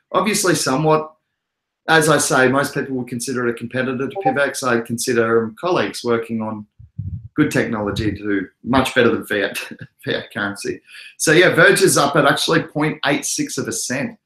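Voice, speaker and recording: A man's voice: medium pitch, fairly quick, fairly bright tone. A young Australian man from Queensland hosting a crypto livestream, chatting casually and answering his viewers' messages. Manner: laid-back, chatty, answers chat messages. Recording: echoey room.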